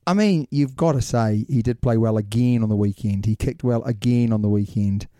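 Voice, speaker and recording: A man's voice: medium pitch, moderate pace, mellow, dry recording, studio quality. A man co-hosting a sports podcast in casual chat, teasing and laughing often. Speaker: podcast co-host.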